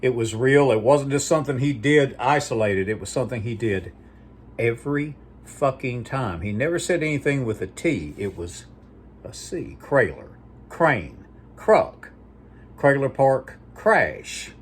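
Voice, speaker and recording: A man's voice: medium pitch, expressive, moderate pace, slight background noise. A man hosting his own video channel, rambling in a folksy, profane casual monologue before a sign-off. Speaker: vlog host.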